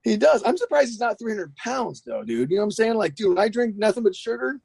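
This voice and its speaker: Fast-talking, gravelly man telling stories. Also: high-pitched, dry recording. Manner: rambling, profane, animated. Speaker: guest. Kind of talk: casual storytelling.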